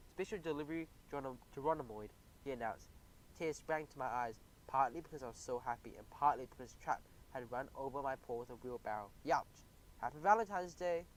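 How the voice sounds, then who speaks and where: A man narrating a children's audiobook in the first person, animated and expressive. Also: on the high side, low-quality recording.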